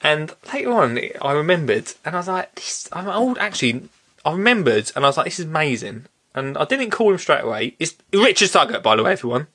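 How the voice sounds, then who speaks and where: Animated man hosting a podcast. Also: on the high side. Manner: animated, laughing storyteller. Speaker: podcast host. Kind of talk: casual podcast chat.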